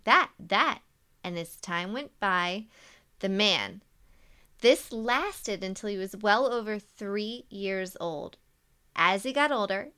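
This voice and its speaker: A woman's voice: mid-range voice, bright, forceful tone, clean tone. A woman co-hosting a podcast, reading listener stories aloud with jokey asides and frequent laughs. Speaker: podcast co-host. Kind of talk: casual podcast chat.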